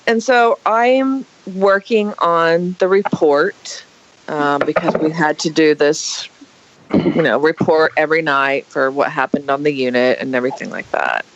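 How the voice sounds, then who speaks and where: A woman guest on a podcast, telling a story casually with dramatic, animated flair and acted-out quotes. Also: deep voice, a little hiss or hum. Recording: dull lo-fi podcast audio.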